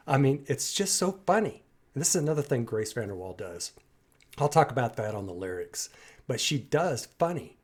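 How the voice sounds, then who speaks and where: Husky-voiced man gushing over a performance. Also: mid-range voice, very animated, a little fast. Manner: enthusiastic, admiring, rambling with restarts. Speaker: music reaction host. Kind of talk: music analysis commentary.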